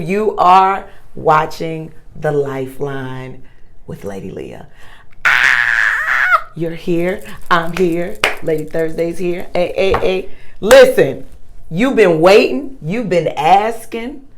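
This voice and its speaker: Playful Southern woman hosting, low and unhurried. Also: big pitch swings, background noise. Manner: playful, teasing, talks to the audience as "y'all". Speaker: podcast host. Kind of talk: casual chat.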